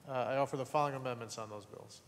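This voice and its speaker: Quick businesslike man in a reverberant chamber. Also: medium pitch, steady tone, slight background noise. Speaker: legislator making floor motions. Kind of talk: formal floor motions. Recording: reverberant chamber with faint ambience.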